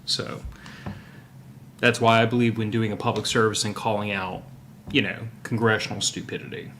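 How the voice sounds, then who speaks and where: A man's voice: fairly low pitch, flat delivery, normal speed, fairly bright tone, a little hiss or hum. Sarcastic opinionated male podcast host. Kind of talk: casual chat.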